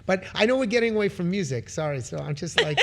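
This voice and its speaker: A middle-aged man with a high-sitting voice, quick pace and vocal fry appears as a podcast guest. He tells stories casually and with animation, acting out the voices of the people in them.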